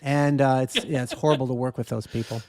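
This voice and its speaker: A man's voice: mid-range voice, fairly even intonation, fast talker, darkish tone. A man co-hosting a podcast who reacts with blunt jokes in casual chat. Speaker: podcast co-host.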